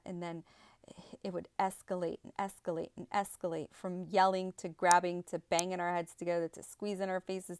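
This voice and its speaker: A young adult woman telling a personal story in a halting way, with many fillers and restarts. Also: lowish voice, a little hiss or hum. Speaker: spiritual vlogger.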